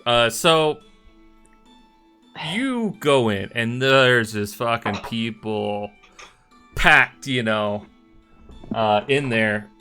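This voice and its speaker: A man's voice: mid-range voice, expressive, very slow, long pauses, pushed and bright, smooth, faint music behind. A man narrating as game master in a casual, profane tabletop session, often trailing off with fillers.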